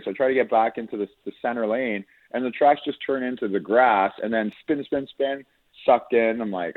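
A man's voice: mid-range voice, fairly quick, dry recording. A laid-back man from Canada, a guest telling a story casually over the phone. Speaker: guest analyst. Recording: tinny phone line.

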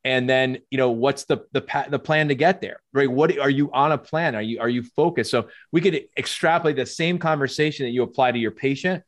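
A man's voice: mid-range voice, fairly quick, few pauses, no room sound. A man co-hosting a podcast for chiropractors, talking emphatically and repeating words as he builds his point. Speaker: podcast co-host coaching chiropractors. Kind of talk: casual podcast conversation.

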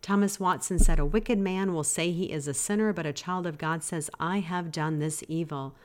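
A woman with a notably low voice hosts a devotional podcast. She teaches in an earnest, gently exhorting manner, speaking close to the microphone. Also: steady tone, moderate pace. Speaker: podcast host.

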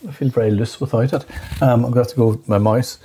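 Gravelly, husky man. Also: medium pitch, steady tone, quick pace, mellow. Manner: rambling, distracted, restarts a lot. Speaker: podcast co-host. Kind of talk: casual chat.

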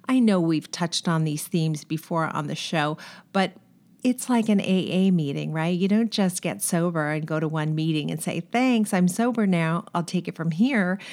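A woman's voice: on the low side, a little mellow. Enthusiastic woman hosting a podcast. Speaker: podcast host. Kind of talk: conversational podcast intro.

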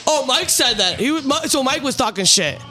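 A man's voice: very high voice, animated, fairly quick. A man co-hosting a podcast, teasing and swearing in casual banter, recorded in a bar. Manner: teasing, profane, jokey. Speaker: podcast co-host. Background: music.

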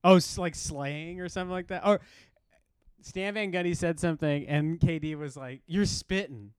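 Smooth, bright-pitched man chatting about sports. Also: normal speed, dry recording. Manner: rambling, laughs often, many restarts. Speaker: podcast co-host. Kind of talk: casual sports chat.

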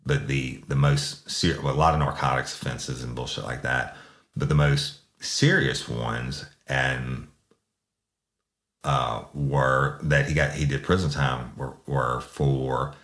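Man, extremely low voice, roomy echo, profane rambling storyteller. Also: fairly even intonation, slow, a bit bright. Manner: profane, drawling, rambling with restarts. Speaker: podcast host telling a true crime story. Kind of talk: casual storytelling.

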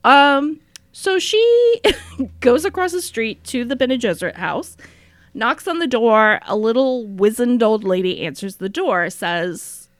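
Woman co-host, animated storyteller, higher voice that swings widely, dry close sound. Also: unhurried, dry recording. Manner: animated storytelling, laughs often. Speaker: podcast co-host. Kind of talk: casual chat, retelling and reading a diary entry.

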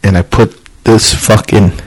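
A man's voice: lowish voice, steady tone, measured pace, husky, no echo, low-quality recording. A young man co-hosting a podcast, telling a casual, profane story and acting out the quotes. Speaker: podcast co-host. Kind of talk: casual chat.

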